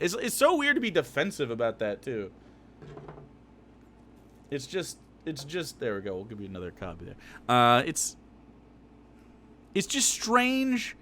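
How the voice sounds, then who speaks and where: A man's voice: fairly high pitch, a bit bright, a little hiss or hum. A man live-streaming his reaction to a video, swearing freely, laughing and talking back at the screen.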